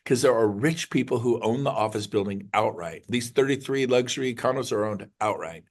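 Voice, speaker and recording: A middle-aged man, a realtor, giving an excited, rambling motivational talk to his group. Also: mid-range voice, fairly quick, few pauses. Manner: excited, rambling, jumps between numbers. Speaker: realtor leading a mastermind call.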